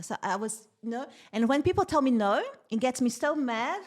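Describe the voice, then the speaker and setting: Lively woman telling a story. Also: fairly high pitch, normal speed. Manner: animated, laughs often while telling stories. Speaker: podcast guest, tech founder. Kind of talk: casual interview storytelling.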